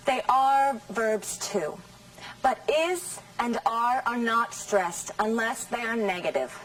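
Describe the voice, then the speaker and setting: Slow, careful woman teaching English. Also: fairly high pitch, distant mic, rough recording. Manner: slow, careful, over-articulated model sentences. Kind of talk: scripted classroom lesson.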